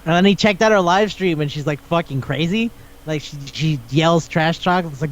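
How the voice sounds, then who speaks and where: A man's voice: on the high side, moderate pace, highs cut off. A man hosting a podcast in casual chat, retelling stories animatedly and acting out the characters' lines. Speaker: podcast host.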